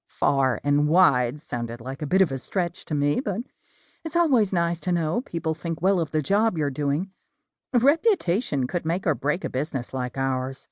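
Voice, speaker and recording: A woman narrates a cozy mystery audiobook in first person, steady and measured. Her voice is on the low side, recorded dry and close. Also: dry recording.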